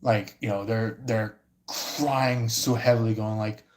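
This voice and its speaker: A man giving a casual livestream tarot reading, talking haltingly with many fillers and restarts. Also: lowish voice, steady tone. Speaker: tarot reader.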